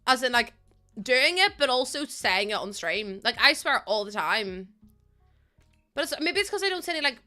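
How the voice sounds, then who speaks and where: A woman's voice: high-pitched, moderate pace, soft background music. A young woman with a Northern Irish accent, chatting casually and giggling with her live chat as a streamer. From Northern Ireland. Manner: chatty, giggly, loose and animated.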